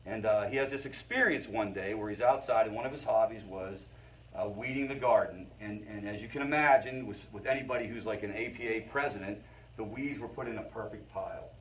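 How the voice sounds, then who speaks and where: A middle-aged therapist with a lowish voice speaks briskly, giving an informal, conversational lecture to a family recovery group in a meeting room and checking in with his listeners as he goes. His voice is picked up from a distance, with a little hiss or hum.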